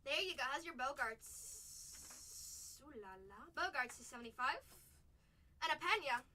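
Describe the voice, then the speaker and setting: A woman hosting a live card break, chatting playfully and muttering asides between excited calls, a little distant from the mic. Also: high voice, brisk.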